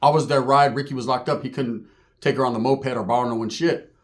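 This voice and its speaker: A man telling a comic story in a profane, rambling, animated way. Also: mid-range voice, quick pace. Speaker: comedian. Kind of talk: comedic storytelling monologue.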